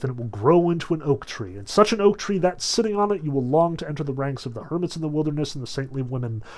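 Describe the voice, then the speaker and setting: A man reading aloud the lines of a scheming male devil, a gentleman tempter, from a novel. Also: medium pitch, natural voice. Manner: read aloud from a novel, quick in spots.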